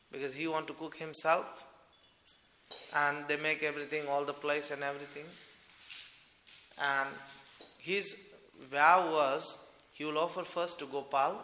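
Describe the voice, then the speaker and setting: A man tells a devotional story in a relaxed, conversational manner, with plenty of fillers. His voice is high and bright. It echoes through a large hall with a long reverb tail.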